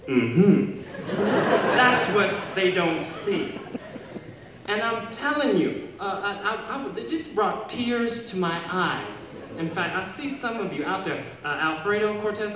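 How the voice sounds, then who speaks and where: A middle-aged man giving a playful, humorous speech to a school audience, rising high when he stresses a point. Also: very animated, a little slow, a crowd in the background. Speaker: speaker addressing students. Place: large hall or gym. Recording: echoey hall from far off with room noise.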